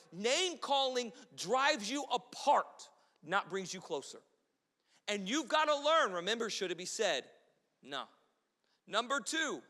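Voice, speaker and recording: A man preaching a sermon as pastor, animated, mimicking quarrels in a shrill voice. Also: long reverb tail. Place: church hall.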